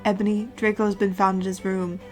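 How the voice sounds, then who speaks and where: A woman's voice: mid-range voice, flat delivery, a little fast, darkish tone, faint music behind, lightly acted. A woman doing a grave old wizard headmaster.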